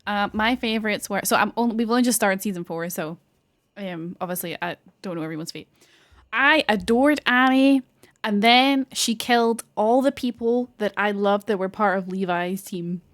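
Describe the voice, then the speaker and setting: A woman's voice: medium pitch, moderate pace. Chatty young woman gushing as a streamer. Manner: gushing, animated, swears, rambling with fillers. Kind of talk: casual chat.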